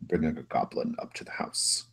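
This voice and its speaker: A man's voice: normal speed, fairly bright tone, close to an everyday voice. A man playing a haughty noble brother. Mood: condescending. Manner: condescending, curt commands.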